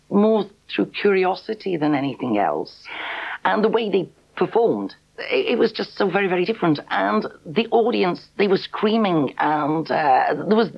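A woman from England in a documentary interview, telling a personal memory in a gentle, measured way. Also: fairly low pitch, vocal fry, slightly rough, poor audio. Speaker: interviewee recalling a past meeting. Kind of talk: reminiscing interview.

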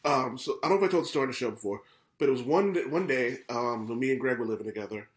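A man's voice: medium pitch, rapid-fire. A man hosting a loose podcast chat, spinning a story with plenty of swearing and quoted back-and-forth. His voice sits in the middle range and has a roomy, echoey sound. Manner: animated, swearing, retells scenes in quoted voices. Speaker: podcast host.

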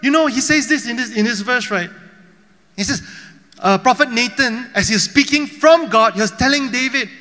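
A pastor from Malaysia preaching a sermon, telling a Bible story with many rhetorical questions. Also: male voice, extremely high pitch, moderate pace, sharp tone, in a large hall. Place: church hall.

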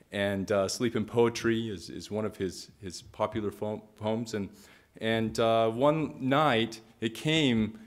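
A man giving a storytelling talk, retelling a myth dramatically with lots of repetition. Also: on the low side. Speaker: speaker.

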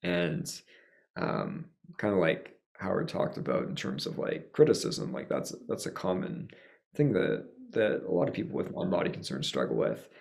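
A man who practices pain therapy, answering a panel question in a halting way, full of "like" and "right?". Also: low voice, very animated, vocal fry, darkish tone. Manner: halting, lots of "like" and "right?" fillers.

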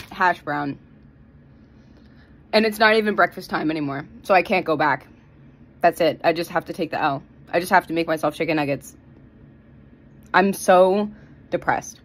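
A young woman vlogging casually, ranting with lots of swearing and dramatic swings from mumbled complaints to shrieks. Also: medium pitch. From Tampa area, Florida.

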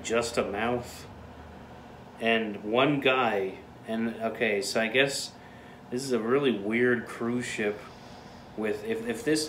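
A man's voice: medium pitch, fairly bright tone, a little hiss or hum. A young man hosting a casual chat, joking and rambling with frequent laughs, in a room at home. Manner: jokey, rambling, laughs often. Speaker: host. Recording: echoey room.

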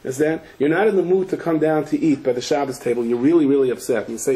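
Animated rabbi telling stories. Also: male voice, fairly high pitch, fast, poor audio. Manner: animated storyteller, rises to shouts at punchlines; sprinkles Yiddish and Hebrew terms, frequent restarts. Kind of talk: Torah lecture with stories.

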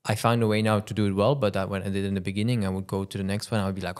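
A man's voice: fairly low pitch, little pitch movement, racing, a little mellow. A racing driver chatting casually on a podcast, often stumbling over his words and laughing. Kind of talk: casual chat.

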